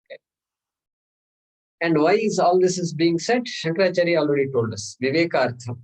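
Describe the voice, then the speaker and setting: A man teaching a scripture class, slowly explaining Sanskrit terms and checking in with "okay?". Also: on the high side, poor audio. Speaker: Vedanta teacher.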